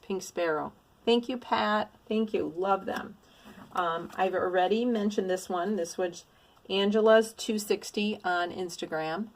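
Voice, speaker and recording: Gushing, excitable woman crafter vlogger. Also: fairly low pitch. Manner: gushing, effusive, exclamatory. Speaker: cross-stitch vlogger. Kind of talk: casual show-and-tell haul.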